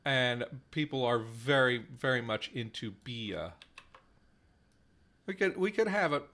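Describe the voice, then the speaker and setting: A man hosting a live stream on building a language, thinking aloud slowly with many fillers, repeating trial words over and over. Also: medium pitch, animated, a bit bright. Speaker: podcast host running a conlang stream.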